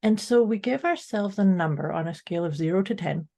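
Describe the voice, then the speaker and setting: Gravelly-voiced woman podcast co-host. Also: on the low side, lively intonation, fairly quick, dark tone. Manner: upbeat, addresses listeners directly. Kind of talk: casual motivational chat.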